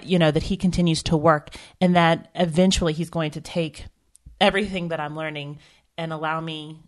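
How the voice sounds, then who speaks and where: A woman co-hosting a podcast, talking earnestly and emotionally about faith, with frequent restarts. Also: low voice. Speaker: podcast co-host. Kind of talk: candid faith podcast conversation.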